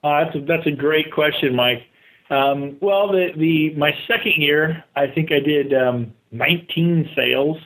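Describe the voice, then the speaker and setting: A man, a real estate agent guest, telling his story in a casual interview, animated and self-deprecating, acting out the dialogue he quotes. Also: a little high, a little slow, rough recording. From California.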